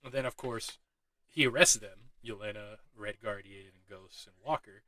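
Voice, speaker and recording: A man recaps a movie in a loose, excitable way, swearing freely and breaking into laughs. His voice is bright and forceful. The sound is dry, with no room echo. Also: lowish voice, moderate pace. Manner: excitable, swears often, laughs while talking. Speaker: movie reviewer. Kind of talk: casual spoiler recap.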